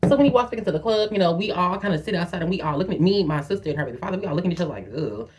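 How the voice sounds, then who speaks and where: A woman telling a personal story to her viewers in a chatty, profane, animated way, often calling them "girl". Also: lowish voice, racing. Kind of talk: casual storytime monologue.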